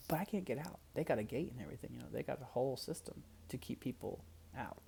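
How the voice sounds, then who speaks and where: Young man, casual storyteller, gravelly, animated, hushed asides. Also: medium pitch, fairly quick, a little hiss or hum. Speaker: vlogger telling a story.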